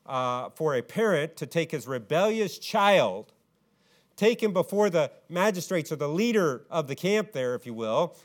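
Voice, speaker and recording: A male pastor delivering a sermon, full of rhetorical questions, swinging between loud, emphatic rises and quiet, low stretches. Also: big pitch swings, measured pace.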